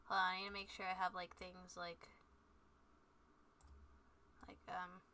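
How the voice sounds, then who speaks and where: A woman's voice: lowish voice, monotone, measured pace, pushed and bright, a little hiss or hum. A woman streaming a game, chatting casually in a bubbly, scatterbrained way and joking at herself. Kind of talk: casual live-stream chat.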